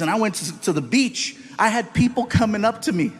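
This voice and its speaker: A male stand-up comedian tells stories in a high, lively voice. He is animated and slips into characters as he goes, with faint noise behind him. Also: fast, few pauses. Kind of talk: stand-up storytelling.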